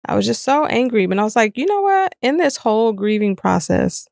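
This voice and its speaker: A woman's voice: medium pitch, a little fast, creaky, no echo, studio quality. A woman co-hosting a podcast, talking candidly and reflectively in casual chat. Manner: candid, reflective, animated when retelling. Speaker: podcast co-host.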